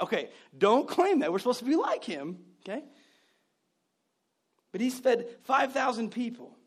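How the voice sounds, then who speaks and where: Animated high-voiced male preacher. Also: normal speed, pauses often, breathy edge. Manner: animated storytelling with mimicked voices and asides; jokey, sarcastic humor. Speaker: pastor. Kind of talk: sermon.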